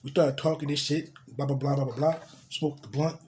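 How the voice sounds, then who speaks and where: A man's voice: a little high, fairly even intonation, brisk, a little mellow, slight background noise. A man telling a crude personal story in casual slang, dropping in spoken sound effects. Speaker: storyteller vlogger.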